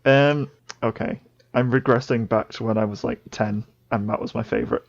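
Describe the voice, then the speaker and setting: A woman's voice: very deep voice, moderate pace, vocal fry, lo-fi sound. A woman co-hosting a casual podcast discussion, speaking in short plain sentences and laughing easily. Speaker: podcast co-host.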